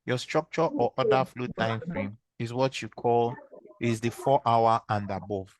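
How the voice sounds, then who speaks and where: A man's voice: medium pitch, unhurried, no room sound. A man with a Nigerian accent leads an online trading class, explaining each step and putting questions back to his students. His voice sits in the middle of a man's range and comes across dry and close, with no room sound around it. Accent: Nigerian English. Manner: patient, quizzing students with repeated questions. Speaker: trading instructor. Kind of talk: online screen-share training session.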